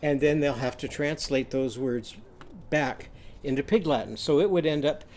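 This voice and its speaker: A man with a fairly high voice walks through a classroom reading exercise. He talks in a bright, sing-song teaching manner, sounding out letters and leading little cheers. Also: moderate pace. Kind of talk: classroom demonstration lesson.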